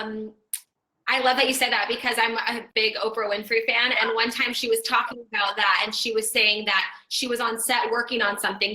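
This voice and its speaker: A woman's voice: fairly high pitch, sharp tone. A woman co-host in casual chat, speaking in an enthusiastic, earnest way. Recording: echoey room.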